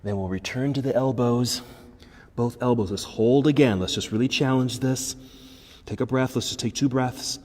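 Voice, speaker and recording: A man teaching a yoga class with calm, encouraging step-by-step cues. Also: medium pitch, normal speed. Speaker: yoga instructor. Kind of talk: guided yoga class instruction. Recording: echoey room with faint background noise.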